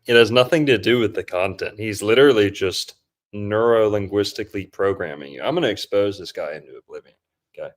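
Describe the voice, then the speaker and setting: A man's voice: lowish voice, brisk. A man hosting a podcast in casual chat, joking and mocking as he riffs. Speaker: podcast host.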